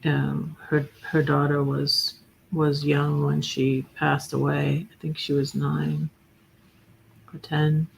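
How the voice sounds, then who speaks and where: A woman hosting a livestream, reading her own poems in a hesitant way with many pauses and fillers. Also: deep voice, completely flat delivery, gravelly, a little hiss or hum. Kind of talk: casual poetry reading on a livestream.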